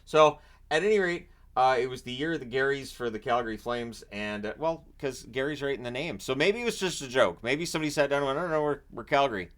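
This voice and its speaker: A man's voice: mid-range voice, a little fast, a bit bright. A man hosting his own channel, talking through picks in a loose, rambling way with joking asides. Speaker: hockey channel host. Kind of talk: casual solo commentary. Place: home, washer running nearby.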